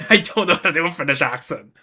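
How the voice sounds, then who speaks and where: A man's voice: a little high, lively intonation, fast talker, pushed and bright. A man streaming a video game, chatting casually and joking about himself, often stammering and restarting his sentences. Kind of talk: casual gaming commentary.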